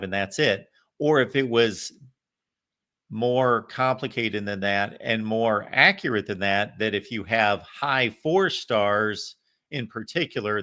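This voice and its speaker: Measured, analytical sports-talk man. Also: lowish voice, bright, forceful tone. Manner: measured, analytical, thinks aloud. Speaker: college football podcast co-host. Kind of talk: casual sports chat.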